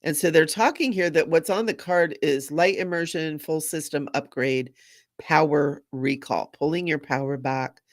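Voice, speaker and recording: A woman's voice: deep voice, normal speed. A middle-aged woman hosting a spiritual live stream, bubbly and gushing, laughing often as she talks to viewers. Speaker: spiritual medium and livestream host.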